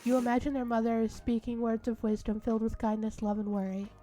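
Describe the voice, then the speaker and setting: Woman reading out a dating game story, soft dramatic delivery, highish voice, bit of music under it. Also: flat delivery, quick pace. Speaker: co-host reading a visual novel aloud. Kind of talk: reading game text aloud in a casual let's-play.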